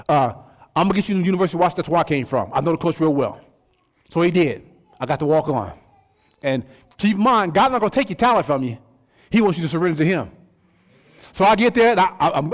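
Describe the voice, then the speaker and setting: A middle-aged man preaching a sermon, his voice sitting high and leaping around in pitch. He tells his story with rhetorical questions and plenty of animation. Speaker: pastor.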